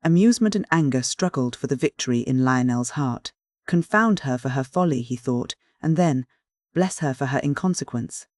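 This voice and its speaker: A man narrating an old romance novel in an even, steady reading. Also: medium pitch, normal speed, no echo, studio quality. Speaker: audiobook narrator. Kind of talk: scripted literary narration.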